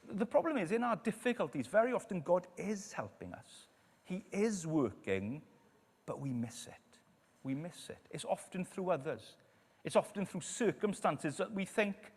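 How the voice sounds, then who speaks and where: A man preaching a sermon in a church, telling stories and dropping to quiet emphasis on key lines. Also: high voice, normal speed, slightly rough. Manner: storytelling, lively, drops to quiet emphasis. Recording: echoey church hall.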